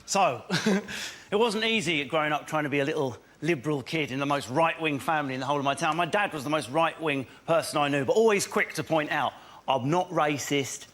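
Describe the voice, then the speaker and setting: A man's voice: on the high side, quick pace, fairly bright tone. A man doing a sardonic stand-up routine about his family on a comedy panel show. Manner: sardonic, mimics his dad. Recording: noisy TV studio recording.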